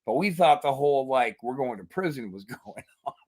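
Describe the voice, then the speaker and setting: A man's voice: mid-range voice, expressive, normal speed, a little mellow. A man hosting a podcast, telling a profane story in casual chat. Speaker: podcast host.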